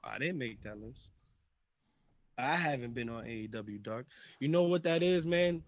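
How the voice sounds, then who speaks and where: A man's voice: mid-range voice, lively intonation, normal speed, no room sound. A man who is a pro wrestler cutting a heated, trash-talking promo on a live stream. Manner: intense, trash-talking, builds to shouting.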